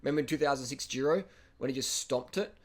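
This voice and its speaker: An Australian man who hosts cycling videos talks fast in a mid-range voice, casually commenting over race footage. He's blunt and excitable, swearing and repeating himself.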